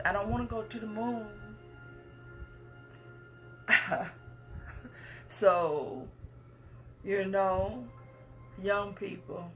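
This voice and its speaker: A woman's voice: medium pitch, fairly even intonation, drawn-out words, pauses often, pushed and bright, faint music behind. A woman, giving an impassioned speech with emphatic, repetitive phrasing. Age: 50s. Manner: emphatic, repetitive, preacher-like cadence. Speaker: speaker addressing the public.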